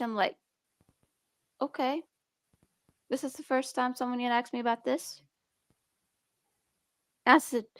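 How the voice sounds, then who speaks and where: A young woman with a slight speech impediment chats casually on stream in a higher-pitched, fairly bright voice. She rambles and keeps restarting sentences while talking about feeling nervous and defensive. The sound is close and dry, with no room echo.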